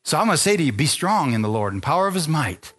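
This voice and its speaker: A man pastor preaching a sermon, calling on the congregation for amens, dropping to low asides and climbing to loud, rising exhortation, with jokey self-deprecating remarks. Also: big pitch swings, fast talker. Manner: call-and-response preaching, asks the crowd for amens.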